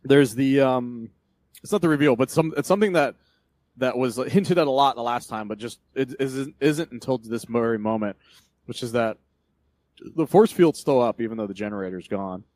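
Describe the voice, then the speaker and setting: A man co-hosting a podcast, rambling through a comic book plot with lots of swearing and quick retellings of scenes. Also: medium pitch, a little mellow, no room sound. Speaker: podcast co-host. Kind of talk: casual chat about comics.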